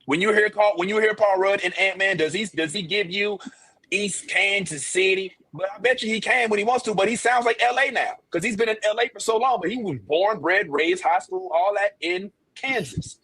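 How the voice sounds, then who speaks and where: A man hosting a casual podcast chat, animated and joking, swearing freely. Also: high-pitched, normal speed, breathy edge. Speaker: podcast host.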